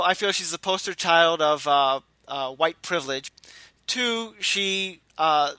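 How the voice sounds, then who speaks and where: Bright, high-voiced opinionated man. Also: dry recording. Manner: blunt and opinionated, laughs easily. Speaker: podcast co-host. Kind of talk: casual chat.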